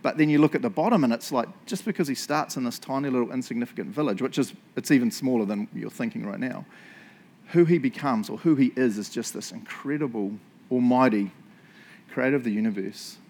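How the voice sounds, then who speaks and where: A man's voice: mid-range voice, brisk, darkish tone. Chatty New Zealand man preaching. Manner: chatty, jokey, often adds "eh?" and "right?". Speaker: pastor. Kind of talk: sermon. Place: church.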